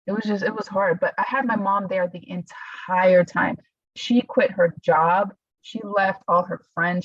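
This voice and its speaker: Husky-voiced woman telling her story. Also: fairly low pitch, dry recording, muffled recording. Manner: emotional, halting, quotes others in lively voices. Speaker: podcast guest. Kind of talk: casual interview storytelling.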